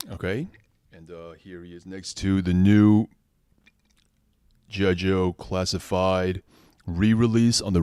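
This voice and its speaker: Casual male toy reviewer, low voice, rambling and self-correcting, dry recording. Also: darkish tone, no room sound. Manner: rambling, restarts sentences, conversational asides.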